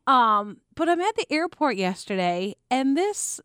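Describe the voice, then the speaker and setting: A woman's voice: high-pitched, unhurried, clean tone, no room sound, clean studio sound. A young adult woman co-hosting a casual chat, telling a story with lots of laughter and acted-out quotes. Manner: animated storyteller, laughs often, acts out quotes. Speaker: podcast co-host.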